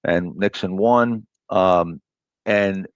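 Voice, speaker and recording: Man, trader interview, measured and reflective, low voice, dull lo-fi playback. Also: no room sound. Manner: measured, thinking aloud with fillers and restarts. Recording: dull lo-fi clip played back.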